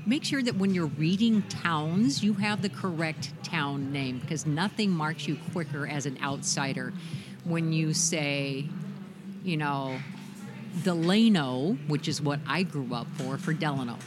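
A woman's voice: sits low, measured pace, background noise. A woman from Minnesota, a former news anchor, talking casually and reflectively with many fillers. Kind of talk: casual interview talk.

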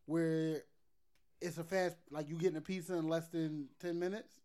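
A man's voice: on the high side, steady tone, moderate pace, dark tone. A man co-hosting a casual chat, laid-back and slangy, swearing casually. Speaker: podcast co-host.

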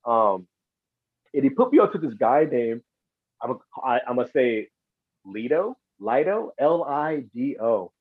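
A man's voice: medium pitch, animated, normal speed, breathy edge, no room sound, phone-quality sound. A man guest on a podcast, easygoing in casual chat, laughing often and restarting his sentences.

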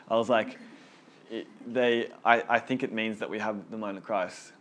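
A man's voice: on the low side, fairly even intonation, moderate pace, a bit bright, slight background noise. A man leading a small Bible study group, teaching casually and earnestly, often repeating words as he gets going.

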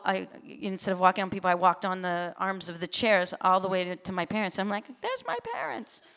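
An expressive woman musician talks in an interview, her voice sitting on the low side. Long hall reverb trails each phrase. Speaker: musician guest. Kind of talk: interview conversation.

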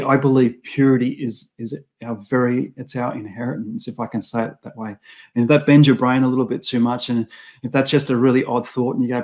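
A man's voice: mid-range voice, a little mellow. A middle-aged man preaching a sermon in an earnest, reflective way, often restarting and repeating his phrases.

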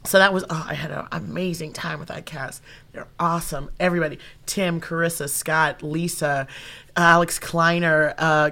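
A young adult woman, an improv comedian and actor, telling stories in a casual interview and acting out what people said. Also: sits low. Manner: animated storyteller who acts out quoted dialogue.

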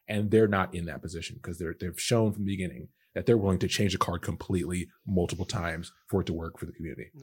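Husky low-voiced man chatting. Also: fast, hardly any pauses. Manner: relaxed, rambling, filler-heavy. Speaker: podcast co-host. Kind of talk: casual podcast chat.

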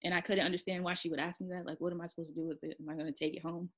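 Soft-spoken woman, lowish voice, telling her own story, halting and full of pauses. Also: level tone. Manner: halting, with many fillers and restarts. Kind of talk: personal storytelling.

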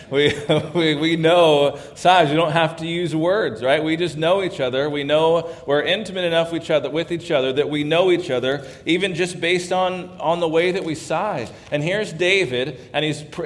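A man preaching a sermon in a church sanctuary, talking conversationally and dropping to hushed tones when he reads scripture. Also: fairly high pitch, normal speed, hardly any pauses, long reverb tail. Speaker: pastor.

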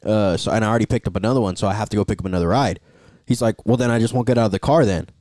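A man's voice: lowish voice, very fast, darkish tone, dry recording. A man telling a long rideshare story in casual chat, swearing freely and acting out the people he quotes. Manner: profane storyteller, acts out quotes.

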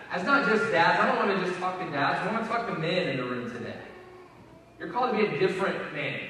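A man's voice: on the high side, bright, forceful tone, a little hiss or hum. A man preaching a sermon in a conversational, emphatic way, often repeating his words as he builds up. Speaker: pastor. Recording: echoey hall from far off.

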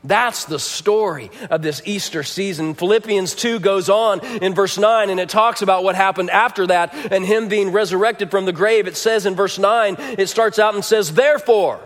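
Male pastor, high voice, storytelling sermon that swings from hushed to emphatic, heard in a reverberant church. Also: moderate pace, hardly any pauses. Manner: storytelling, voice dropping quiet for somber moments.

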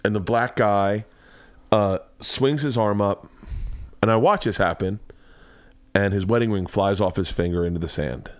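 A man's voice: on the low side, normal speed, pauses often, no room sound. A man podcast host telling a story with big energy, acting out quotes and swearing freely. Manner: loud, excitable, acts out quotes, swears a lot. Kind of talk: animated storytelling. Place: home studio, man cave.

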